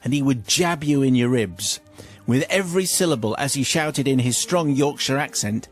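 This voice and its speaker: English male radio host, playful letter-reader, mid pitch, faint music under. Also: animated, normal speed. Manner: playful storytelling with asides. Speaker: radio host reading listener confessions. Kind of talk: radio chat, reading letters aloud.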